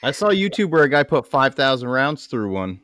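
A man's voice: medium pitch, very animated, brisk, a bit bright, no room sound, studio quality. A man hosting a podcast, chatting casually in laid-back, jokey banter. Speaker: podcast host.

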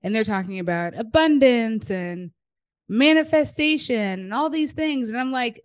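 A woman's voice: a little high, expressive, moderate pace, smooth, no room sound. A woman hosting a faith podcast, talking enthusiastically with emphatic asides. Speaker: podcast host. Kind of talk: casual faith chat.

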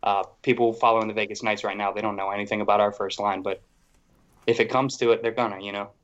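Fast-talking and fairly low-pitched, a man co-hosting a podcast gabs about hockey in a loose, animated, filler-heavy ramble. The audio sounds dull.

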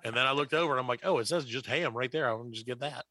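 A man's voice: medium pitch, racing, sharp tone. A man co-hosting a comedy podcast, riffing in a joking, exaggerated ad-read manner. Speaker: podcast co-host. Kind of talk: comedic casual chat with a mock ad.

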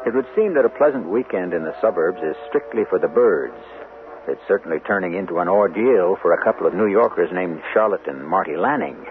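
A man narrates and hosts an old radio mystery with wry, theatrical flair. His voice is low and gravelly, and it rises and falls in lively swings. It comes through a narrow, phone-like band with music behind it. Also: fairly quick. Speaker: host and narrator.

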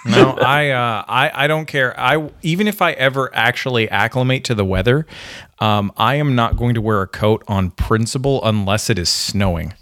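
A Canadian man chatting casually on a podcast, pausing often with ums and restarts. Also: mid-range voice, a bit bright, no room sound, clean studio sound. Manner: hesitant, many ums and restarts. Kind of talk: casual chat.

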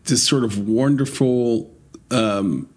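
A man's voice: mid-range voice, slow pace, a little mellow. A man hosting a podcast, asking questions in a casual, chatty way and stumbling over his words now and then. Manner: chatty, laughs easily, stumbling restarts. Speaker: podcast host. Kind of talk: casual interview.

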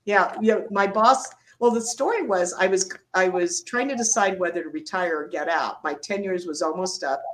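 An older woman, a retired Navy doctor, tells stories in an interview with a fairly low-pitched voice on a rough recording. She's an animated storyteller who acts out the quotes.

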